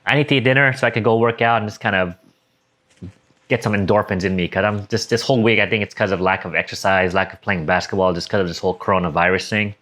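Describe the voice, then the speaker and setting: A young man with a slightly low voice speaks in an unscripted personal vlog. He rambles, stops to correct himself, and sounds emotional as he reflects. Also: fairly even intonation, quick pace, a bit bright. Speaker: vlogger.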